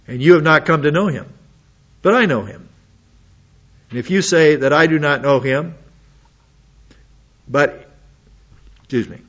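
A man's voice: on the high side, a bit bright, breathy edge, lo-fi sound. A man preaching a sermon, reading Bible passages aloud and breaking in with casual, plain-spoken comments. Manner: reads scripture aloud then adds quick casual asides.

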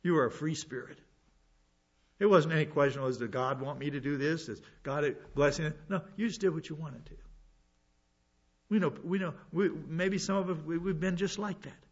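Male preacher, fairly high voice, earnest verse-by-verse sermon, muffled lo-fi recording. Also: moderate pace, breathy edge. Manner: earnest, explains scripture verse by verse with asides. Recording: dull lo-fi sound.

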